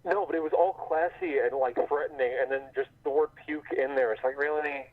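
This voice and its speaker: A man's voice: on the high side, fairly even intonation, brisk. A man co-hosting a casual review podcast. He gives blunt, profane opinions and stumbles over how he starts his sentences. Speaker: podcast co-host. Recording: tinny phone-like audio.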